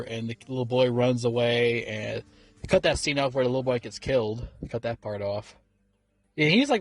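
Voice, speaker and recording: A man's voice: medium pitch, dry recording. A man casually recapping a movie in a rambling, profane way, full of fillers and restarts. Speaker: movie reviewer.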